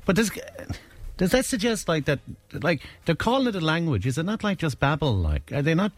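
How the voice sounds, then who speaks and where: A man's voice: fairly high pitch, a little fast, no room sound. A man co-hosting a radio show, telling jokes and rambling through playful questions. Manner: jokey, rambling, animated questioning. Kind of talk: casual radio banter.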